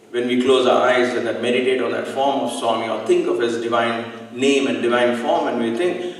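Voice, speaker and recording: A man gives a reflective devotional talk, speaking earnestly with slow pauses. His voice reaches the mic from a distance and rings through a large hall with a long, heavy echo. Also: mid-range voice. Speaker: satsang speaker. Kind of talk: devotional talk with personal story.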